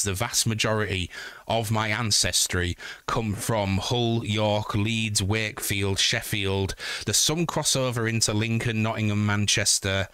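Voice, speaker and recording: A man's voice: lowish voice, fairly bright tone, clean tone, no echo, clean studio sound. A man chatting casually on a livestream, joking and swearing as he talks to his viewers.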